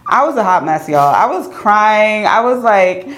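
A woman's voice: medium pitch, very animated, a little slow, fairly bright tone. A woman hosting a podcast, chatting candidly and laughing easily with her guest. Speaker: podcast host. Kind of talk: casual podcast chat.

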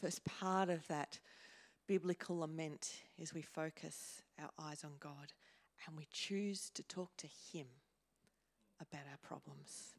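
A woman pastor preaching a sermon in a church, slow and measured, pausing and repeating words as she goes. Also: sits low, fairly even intonation. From Australia. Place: church hall.

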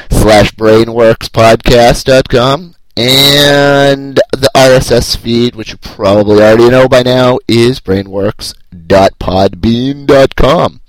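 A man's voice: mid-range voice, dry recording, low-quality recording. A man in his thirties hosting a solo podcast, rambling and self-deprecating with a wry sense of humor. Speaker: podcast host.

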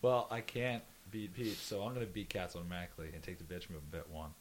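A man's voice: sits low, little pitch movement, fast, a little hiss or hum. A man who laughs often and hesitates while chatting on a casual podcast. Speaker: podcast co-host.

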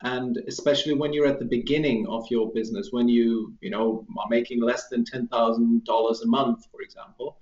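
A man answers interview questions as a guest, laying out his sales coaching work in clear, articulate explanations. His voice sits in the middle range and reaches the listener through a roomy, slightly dull video-call line. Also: mid-range voice, steady tone, a little fast, few pauses, a little mellow.

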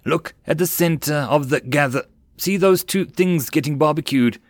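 A man's voice: a little high, moderate pace, no room sound, clean studio sound, pitched above the performer's own voice, natural voice. A man voicing a tense male squad leader who gives short, hissed orders. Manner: terse, hissing orders.

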